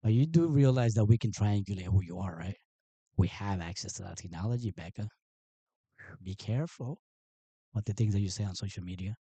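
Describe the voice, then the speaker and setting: A man's voice: lowish voice, a little fast, dark tone, husky, no room sound, highs cut off. A man hosting a live stream, talking in a mocking, sarcastic and rambling way to his viewers. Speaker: livestream host. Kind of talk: casual live-stream commentary.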